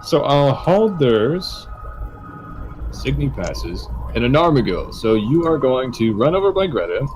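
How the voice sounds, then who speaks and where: A man running a tabletop game as game master, explaining rules and narrating in a measured way. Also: medium pitch, big pitch swings, a little mellow, a little hiss or hum, low-quality recording.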